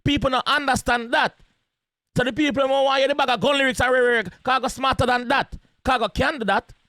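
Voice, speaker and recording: A man's voice: very high-pitched, a little fast, bright, forceful tone, dry recording. A man with a Jamaican accent giving casual, emphatic commentary on a song as host of a reaction video, repeating his points in patois slang.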